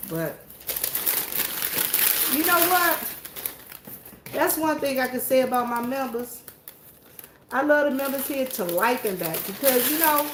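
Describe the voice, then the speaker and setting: Speaking at a fairly high pitch, this church worker and vlogger chats casually with her viewers in a folksy, story-spinning Southern manner. She's by herself in an empty church, and the recording carries room echo and background noise.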